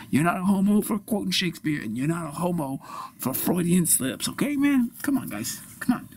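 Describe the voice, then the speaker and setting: A man improvising an earnest nature guide who tries to calm his quarrelling group. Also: a little high, slight background noise. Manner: soothing, preachy, earnest. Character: earnest male nature guide, would-be peacemaker. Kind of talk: improvised comedy.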